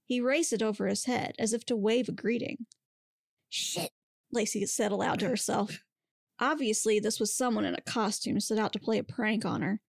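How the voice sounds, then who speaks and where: Woman narrating, with vocal fry. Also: mid-range voice, brisk, no echo, clean studio sound. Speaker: podcast host. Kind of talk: reading a monster romance aloud.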